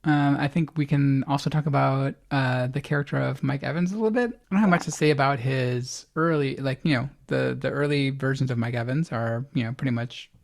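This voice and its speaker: Gravelly-voiced podcast co-host, hesitant chat. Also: medium pitch, fairly quick, hardly any pauses, darkish tone. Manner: hesitant, lots of fillers and restarts, laughs along. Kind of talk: casual chat about a TV series.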